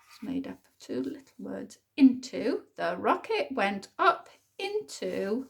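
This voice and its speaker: A woman teacher, thinking aloud and sounding out words slowly in a phonics lesson for young children. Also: medium pitch, huge pitch swings, vocal fry, darkish tone. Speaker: primary school teacher.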